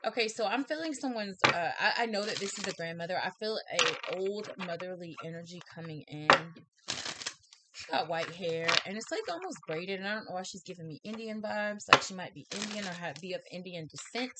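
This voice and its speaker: A woman's voice: lowish voice, expressive, fairly quick, heavy background noise. A woman giving a casual tarot and spiritual reading to camera, earnest and encouraging, with many fillers and restarts. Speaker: tarot reader and psychic.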